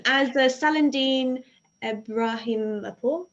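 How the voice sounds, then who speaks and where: A woman's voice: mid-range voice, moderate pace, a little hiss or hum. A woman hosting a casual live-streamed interview, reassuring her guest and reading out viewer questions. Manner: friendly, reassuring, reads out viewer comments. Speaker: host.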